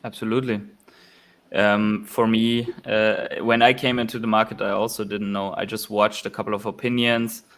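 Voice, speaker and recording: A man talking on a casual livestream panel, halting, with many fillers and restarts. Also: on the low side, level tone, a bit bright.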